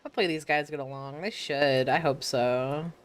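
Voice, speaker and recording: Casual woman streamer, low and clear voice, easygoing banter over gameplay. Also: fairly even intonation, moderate pace. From United States. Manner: chatty, laughs often, playful swearing.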